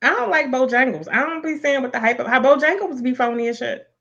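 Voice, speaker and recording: A woman's voice: high-pitched, animated, fast talker, a bit bright. A woman from Baltimore hosting a casual chat, blunt and joking with lots of slang. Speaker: host. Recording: dull lo-fi sound.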